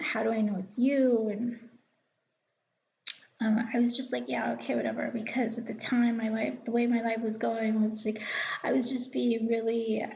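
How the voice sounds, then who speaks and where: Confiding woman with gravelly fry. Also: fairly high pitch, dark tone, slight background noise, poor audio. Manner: rambling, confiding, drops to a whisper at times. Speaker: vlogger. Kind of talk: casual storytelling.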